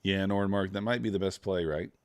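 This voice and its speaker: Brief: young man, very low voice, sleepy and laid-back, dry close mic, live trading stream. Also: fairly even intonation, brisk, clean tone, dry recording. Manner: laid-back, drawling, greets chat viewers. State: tired, yawning. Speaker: futures trader streaming live. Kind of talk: casual live-stream commentary.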